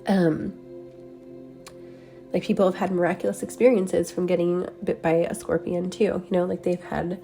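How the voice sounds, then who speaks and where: A woman with a mellow, slightly low voice drifts through a spiritual transmission, wandering from thought to thought with plenty of soft fillers. Faint music plays quietly under her. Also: little pitch movement, normal speed, gravelly. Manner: dreamy, meandering, many "like" and "um" fillers. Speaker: spiritual channeler. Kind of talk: meditative energy transmission talk.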